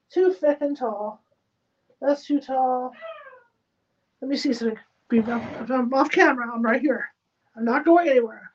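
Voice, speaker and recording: A woman's voice: high-pitched, darkish tone. Woman muttering through a crafting stream. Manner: mutters to herself while narrating each step. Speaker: livestream host. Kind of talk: casual running commentary while crafting. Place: spare bedroom at home used as a studio. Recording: dull lo-fi sound with faint noise.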